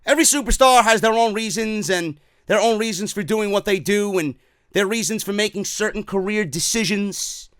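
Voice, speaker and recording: A man's voice: sits high, normal speed, fairly bright tone, clean tone, no echo. A man with a New York accent hosting a wrestling talk show, giving blunt, profane, emphatic opinions in casual commentary.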